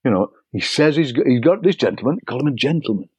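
An older man, a poet, telling anecdotes in a relaxed interview and acting out overheard phrases. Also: medium pitch, quick pace, slightly rough, no echo. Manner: chatty, anecdotal, acts out overheard lines. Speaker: poet and broadcaster, interview guest. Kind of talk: relaxed storytelling conversation.

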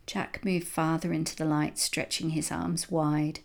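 A woman with a very low voice reads a children's book aloud. Her storytelling is gentle and steady. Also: unhurried, creaky. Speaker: storybook reader.

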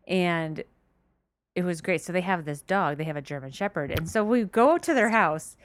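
Low-voiced woman, laughing podcast co-host. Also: expressive, normal speed, dry recording. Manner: laughs often, swears freely, tells stories. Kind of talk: casual chat.

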